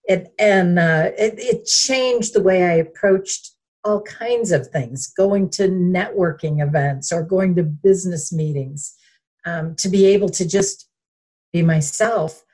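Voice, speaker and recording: A woman who is a guest in an interview, speaking thoughtfully with pauses and small restarts. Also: fairly low pitch, darkish tone. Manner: slow, thoughtful, halting with pauses. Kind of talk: reflective conversational interview.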